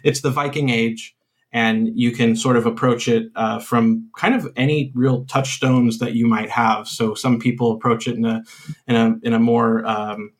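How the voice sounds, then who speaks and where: A man's voice: mid-range voice, fairly even intonation, normal speed. Hesitant male game designer guest. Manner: hesitant, full of uhs and restarts. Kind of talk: casual interview chat.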